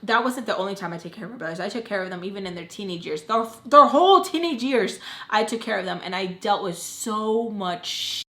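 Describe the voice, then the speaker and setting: A young woman vlogger telling a personal story in a casual, animated, blunt way, swearing freely. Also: medium pitch, brisk. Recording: echoey room.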